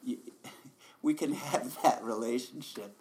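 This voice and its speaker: A man giving a relaxed, conversational dharma talk as a meditation teacher, often laughing softly. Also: mid-range voice, takes it slowly, slight background noise.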